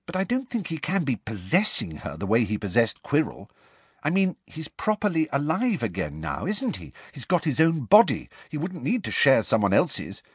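A man's voice: medium pitch, wildly swooping pitch, moderate pace, slightly rough, no echo, pitched above the performer's own voice. A man voicing an earnest, bookish teenage girl who is tired but kind, speaking in a raised, eager voice.

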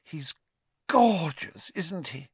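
A man voicing an earnest, bright teenage witch girl in an audiobook reading. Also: a little high, wildly swooping pitch, unhurried, breathy edge, no echo, pitched above the performer's own voice, full character voice. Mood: fond.

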